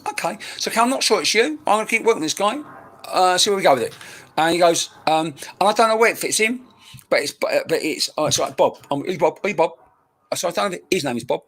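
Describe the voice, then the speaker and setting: A man's voice: sits high, lively intonation, fast, a bit bright. Rambling man giving a live reading. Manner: chatty, rambling, bantering, swears casually. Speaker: medium. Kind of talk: live-streamed mediumship reading. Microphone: webcam mic.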